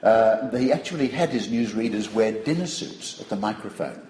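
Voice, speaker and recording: A man's voice: fairly low pitch, normal speed, reverberant, slight background noise, low-quality recording. An older man giving a public lecture, wry and digressive, telling stories to an audience. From Australia. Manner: wry, digressive, animated storytelling.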